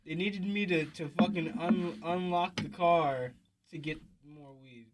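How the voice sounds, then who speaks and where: High-voiced young man telling a wild story. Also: unhurried. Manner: animated, acts out quotes loudly, frequent "you feel me". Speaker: podcast co-host. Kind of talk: casual storytelling chat.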